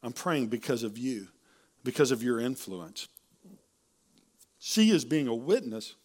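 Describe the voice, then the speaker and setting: A man preaching a sermon in a casual, conversational way, often tagging "right?" onto his points and restarting sentences, a little hoarse and clearing his throat. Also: medium pitch, sing-song, measured pace. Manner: conversational, keeps asking "right?", with many restarts. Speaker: pastor. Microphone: handheld or stage mic.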